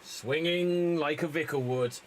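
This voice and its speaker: A man's voice: fairly high pitch, unhurried, slight background noise. A man hosting an improv comedy show, rambling and mocking himself.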